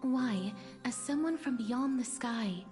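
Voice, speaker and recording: A grieving young woman whose touch brings death, breathing her lines in a hushed, breathy whisper for a whispered role-play. Her voice sits a touch high and hangs in a long, lingering reverb with soft game music underneath. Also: takes it slowly. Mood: sorrowful. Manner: soft, mournful, resigned. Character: sorrowful young woman cursed with a deadly touch.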